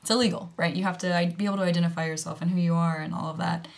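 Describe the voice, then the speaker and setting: A woman's voice: on the low side, fairly even intonation, racing. An American woman telling a story in a chatty, casual way, full of fillers and with whispered asides. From United States. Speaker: vlogger.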